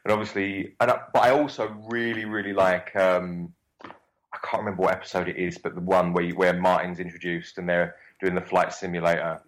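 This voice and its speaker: A man's voice: deep voice, little pitch movement, a little fast, rough recording. A young man with a Cockney accent, an actor chatting as an interview guest, rambling and swearing freely. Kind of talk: casual interview chat.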